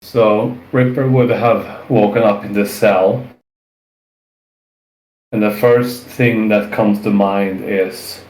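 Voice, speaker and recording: A man playing a tabletop game, speaking slowly and deliberately. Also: on the low side, steady tone, a little mellow. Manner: slow, deliberate. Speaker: player. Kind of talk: tabletop role-play. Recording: echoey room, faint noise.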